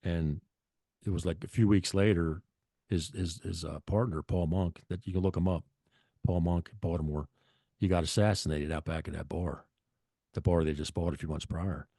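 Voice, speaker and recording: Middle-aged male guest, low voice, dry close sound, blunt and profane storyteller. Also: steady tone, moderate pace, dark tone, dry recording. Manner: blunt, profane, rambling with restarts. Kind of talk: casual storytelling.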